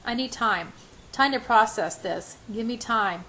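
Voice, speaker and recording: An older woman reading a novel aloud as an amateur, unhurried, with small slips and restarts. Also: on the high side, sharp tone, low-quality recording. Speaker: reader.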